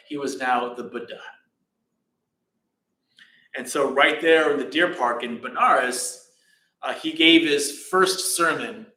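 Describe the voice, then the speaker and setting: Guy telling a buddhist story at a temple, bright voice, loose chatty style, lots of ums, echoey room. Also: a little high. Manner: relaxed, chatty, many fillers and restarts. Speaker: temple teacher. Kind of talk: casual dharma talk storytelling. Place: temple hall. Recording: echoey hall.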